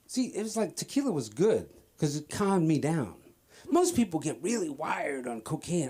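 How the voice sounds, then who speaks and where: This Cape Verdean comic, at an open mic in a comedy club, acts out the people in his story as he tells it. He speaks at a normal pace in a slightly high, sing-song voice that's mellow with a breathy edge.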